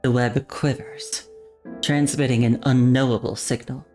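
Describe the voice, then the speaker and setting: A woman streamer narrating a game story aloud with slow, deliberate pacing and wry asides. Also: extremely low pitch, a little mellow, soft background music. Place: home streaming setup.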